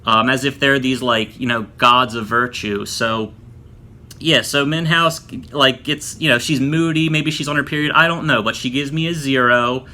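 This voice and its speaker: A man's voice: medium pitch, steady tone, moderate pace, bright, forceful tone. A man recounting his experiences as a student in a casual, chatty vlog monologue, full of fillers and mocking imitations of others. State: just showered, hair still wet. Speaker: former student telling his story. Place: room at home.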